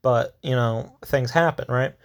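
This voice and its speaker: A man casually recapping a war film in a rambling way, with many fillers and quick acted-out quotes from the characters. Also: medium pitch. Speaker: film reviewer. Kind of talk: casual spoken movie recap.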